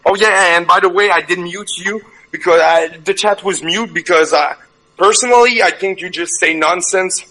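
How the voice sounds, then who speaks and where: Very high, bright-voiced taunting man. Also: moderate pace, low-quality recording. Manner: taunting, swearing, laughing at the other. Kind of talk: heated voice-chat argument.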